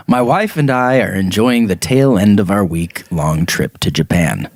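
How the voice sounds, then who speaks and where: A man in casual podcast chat reads out a dream story, breaking into laughter again and again. His pitch swings widely as he talks. The sound is dry and close. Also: measured pace, dry recording. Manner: laughs often, lively. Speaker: podcast co-host.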